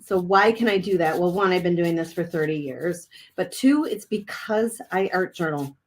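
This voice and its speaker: Chewing a cough drop, an art instructor talks her way through an art journaling demo in a cold room above a garage, upbeat and chatty as she works. Her voice is on the low side, at normal speed.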